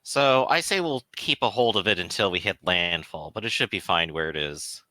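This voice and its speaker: A man playing in a tabletop game, talking in a relaxed, practical way. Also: sits low, moderate pace, no echo. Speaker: player. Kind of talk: tabletop role-play.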